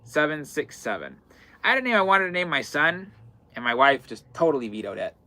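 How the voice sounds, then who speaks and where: A man hosts a live-stream sale from an indoor fabric shop. His voice is bright and forward, and his talk is loose and chatty as he keeps calling out item numbers. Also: a little high, sing-song, brisk. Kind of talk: live-stream sales chat.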